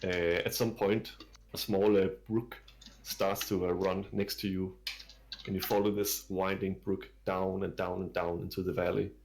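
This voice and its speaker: Gravelly-voiced man narrating as dungeon master. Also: sits low, little pitch movement, unhurried, a little mellow. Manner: hesitant, filler-heavy descriptive narration. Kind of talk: narrating a tabletop game.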